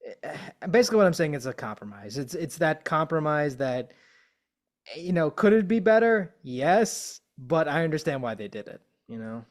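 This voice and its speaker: Male podcast host, fairly high voice, rambling casual chat with lots of fillers. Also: big pitch swings, moderate pace. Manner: rambling, peppered with "like" and "you know".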